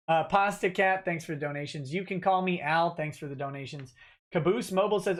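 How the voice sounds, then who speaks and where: A man hosting a livestream reads donor messages aloud and answers off the cuff in casual chat, with many fillers and restarts. His voice is a little high and brisk.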